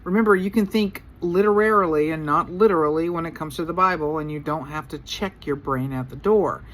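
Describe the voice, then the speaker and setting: A woman's voice: low voice, brisk, slight background noise. A woman preacher giving a casual Bible lesson to camera, chatty and playful, with slangy asides. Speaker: preacher teaching Bible study.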